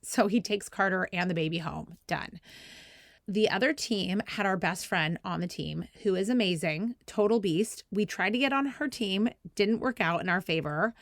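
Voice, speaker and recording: A woman's voice: moderate pace, dry recording, clean studio sound. A woman in her thirties hosting a podcast, telling a story casually with lots of "like" and playful quoted voices. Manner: animated, acts out quotes in a higher voice, laughs often; heavy use of "like" fillers. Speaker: podcast host.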